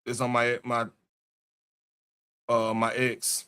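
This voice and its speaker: A man's voice: mid-range voice, completely flat delivery, takes it slowly, bright, forceful tone, smooth. A man hosting a casual podcast, chatting loosely with slangy phrasing and frequent restarts. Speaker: podcast host. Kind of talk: casual chat.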